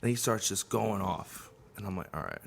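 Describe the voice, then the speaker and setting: Gravelly-voiced man, swearing and laughing. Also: on the low side, normal speed. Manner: laughing, profane, animated. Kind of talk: casual chat. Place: on stage at a bar.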